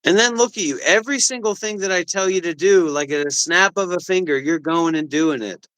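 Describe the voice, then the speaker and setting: A man's voice: sits high, fairly quick, fairly bright tone, clean tone, rough recording. A man co-hosting a livestream, ranting and mocking in casual chat. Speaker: livestream co-host.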